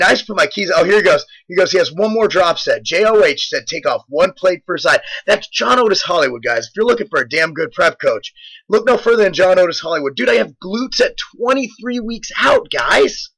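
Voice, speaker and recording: Young male fitness vlog host, boastful, jokey storyteller, bright tone. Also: high voice, lively intonation, fairly quick, creaky, breathy edge, low-quality recording. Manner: joking, boastful, rambling storyteller. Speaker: fitness supplement company host. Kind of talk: casual gym vlog commentary.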